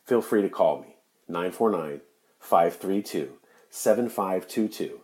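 A man's voice: low-pitched, animated, unhurried, warm tone. Angry, profane man ranting on a podcast. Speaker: podcast host. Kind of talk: solo podcast rant.

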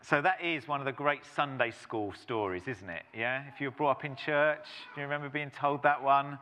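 A man's voice: mid-range voice, moderate pace, slight background noise. A middle-aged man, preaching a sermon as a pastor, telling stories with playful asides. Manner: animated storytelling with playful asides. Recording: long reverb of a church hall.

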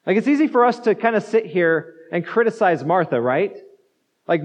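A man's voice: high-pitched, lively intonation, normal speed. A man pastor giving a conversational sermon, repeating words as he goes and acting out the quotes. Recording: dull muffled sound in a reverberant hall.

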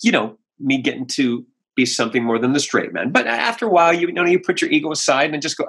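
A man, a voice actor, chatting in an interview and telling animated stories, slipping into voices as he goes. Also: fairly high pitch, fast, few pauses, breathy edge. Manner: animated storyteller, slips into voices and impressions. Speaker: voice actor guest. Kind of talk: casual interview chat.

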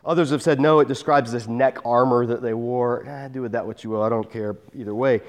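A man's voice: mid-range voice, steady tone, a little fast. Man, pastor, conversational Bible teaching, wry asides, reverberant large hall. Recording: long reverb of a large room.

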